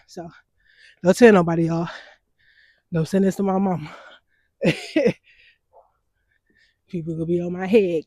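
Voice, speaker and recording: Young female vlogger, slightly raspy, chatty and easygoing, talking to her viewers through a worn mic. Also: fairly low pitch, measured pace, pauses often, darkish tone, no echo. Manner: chatty and easygoing, laughs often, calls viewers y'all. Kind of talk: casual vlog chat to viewers. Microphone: wearing mics while walking.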